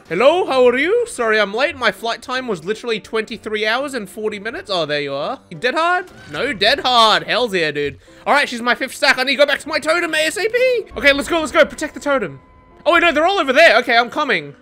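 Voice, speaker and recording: Young woman streamer, animated bright voice, quick to swear and laugh, light music under her. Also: a little high. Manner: excitable, swearing, laughing often. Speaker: gaming streamer. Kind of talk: casual gameplay commentary.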